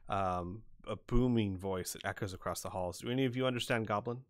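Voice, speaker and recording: A man's voice: lowish voice, fairly quick. A man narrating combat as game master, playful and often laughing between rulings.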